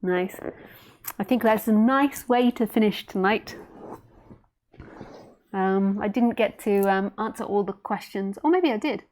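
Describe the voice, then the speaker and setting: A woman, a spiritual teacher, closing a live talk from home in a soft, unhurried way. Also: medium pitch, slight background noise. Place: at home with her dog.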